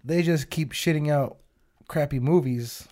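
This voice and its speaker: A man co-hosting a casual podcast who talks in slangy, animated stories and swears freely. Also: a little high, measured pace. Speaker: podcast co-host. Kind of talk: casual chat.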